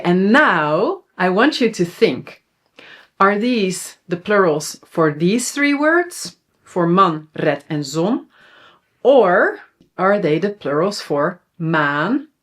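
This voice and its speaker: A young Dutch woman with a Dutch accent teaching pronunciation, modeling sounds slowly and asking the viewer to repeat after her. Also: lowish voice. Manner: slow, clear pronunciation drills, asks viewer to repeat. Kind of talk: online language lesson.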